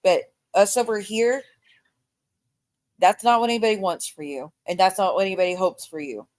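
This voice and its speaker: A woman's voice: medium pitch, moderate pace, darkish tone. A woman co-host speaking bluntly and earnestly in casual stream chat.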